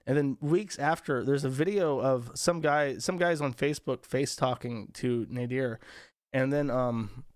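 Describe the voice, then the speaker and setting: A man in an easygoing podcast chat, his voice in the middle of the usual pitch range. He tells stories in a profane, sardonic way. The audio is dry and close, with no room sound. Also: a little slow, dry recording. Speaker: interview guest. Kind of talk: casual podcast conversation.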